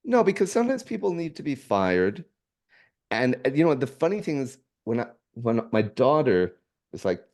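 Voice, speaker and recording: A middle-aged man, a podcast guest, telling stories in a rambling way with halting restarts and chuckles. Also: lowish voice. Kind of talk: casual storytelling.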